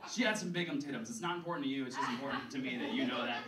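A man's voice: medium pitch, racing, echoey room, far from the mic, heavy background noise. A young man telling rambling, self-deprecating stand-up stories, often laughing at his own jokes. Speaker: stand-up comedian. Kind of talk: stand-up storytelling. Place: comedy venue stage.

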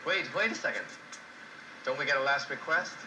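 A man's voice: a little high, a little fast, lightly acted. An actor playing a nervous male prisoner who pleads and fumbles, in a roomy film soundtrack with background noise. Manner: pleading, flustered.

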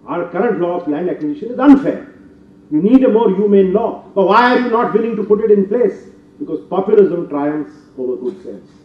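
An older man with an Indian English accent delivers a formal lecture in a fairly high voice, building to emphatic, forceful peaks. He sounds set back from the microphone in a roomy hall, and the recording is dull, with faint ambient noise. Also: expressive, a little fast, recorded from a distance. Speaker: guest lecturer.

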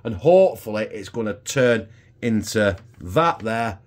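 A man's voice: fairly low pitch, animated, a little slow. A man, hosting a casual home cooking video in a chatty, rambling, self-deprecating way.

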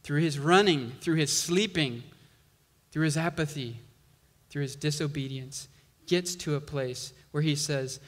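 A male pastor preaching a sermon, slow and emphatic, building intensity on key lines. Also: fairly high pitch, big-room sound.

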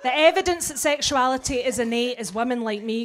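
Scottish woman, stand-up comedian, high voice, brash, sweary, flippant, faint background noise. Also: fairly quick. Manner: brash, sweary and flippant, with big swings in loudness. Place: live venue before an audience.

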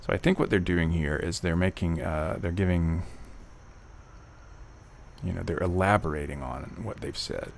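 A man tutoring test prep, reading passages slowly and then reasoning aloud through each answer with fillers and restarts. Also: sits low, vocal fry, slight background noise. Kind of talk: walkthrough of test questions, thinking aloud.

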